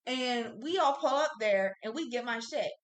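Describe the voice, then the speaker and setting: A woman's voice: a little high, expressive, moderate pace. A young woman co-hosting a podcast, telling a story in blunt, profane, casual talk. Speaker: podcast co-host. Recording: echoey room.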